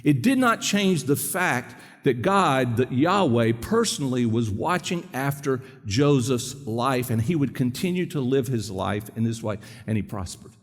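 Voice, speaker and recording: Man preaching a quick, chatty sermon. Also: medium pitch, expressive, big-room sound. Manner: conversational and quick, asks the congregation questions. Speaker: pastor. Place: church sanctuary.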